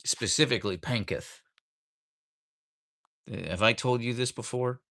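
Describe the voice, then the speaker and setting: A man's voice: medium pitch, a little slow, vocal fry, a bit bright. A man hosting a casual livestream from home, greeting viewers by name and reading their comments aloud. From United States. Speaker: livestream host reading chat. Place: home, rainy day. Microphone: camera on a tripod.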